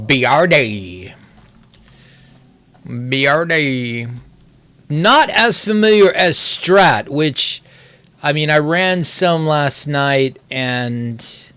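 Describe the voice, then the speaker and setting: A man's voice: mid-range voice, fairly bright tone, no room sound. A man casually talking through a live game stream, rambling and wry, poking fun at himself as he plays. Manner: rambling, wry and self-mocking. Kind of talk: casual live-stream commentary while gaming.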